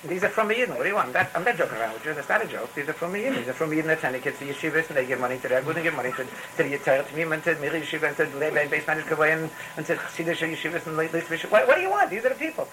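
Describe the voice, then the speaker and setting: Against a noisy background, a man with a voice on the high side rushes along with few pauses. His Torah talk is rambling and story-driven, marked by repeated restarts and scattered Yiddish phrases.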